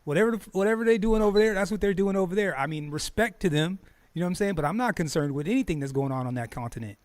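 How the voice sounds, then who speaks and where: A high, animated male voice goes very fast as this man hosts a streamed talk show. Casual and profane, he gets heated, laughs often and stumbles over words he repeats.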